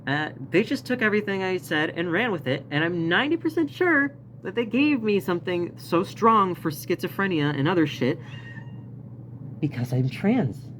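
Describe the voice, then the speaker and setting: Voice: mid-range voice, lively intonation, normal speed, a bit bright, slight background noise. A vlogger telling a story in a casual, rambling rant, swearing often and laughing now and then. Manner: profane, rambling, frequent laughs.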